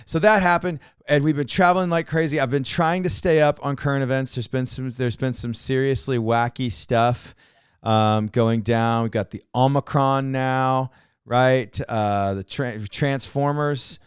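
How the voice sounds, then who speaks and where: A man co-hosting a casual podcast, his speech smooth and resonant. He rambles and repeats himself, with joking, sarcastic asides, and the studio sound is close and dry. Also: medium pitch, fairly even intonation, unhurried, no room sound. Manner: rambling, repeats words and restarts often. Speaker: podcast co-host. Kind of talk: casual chat.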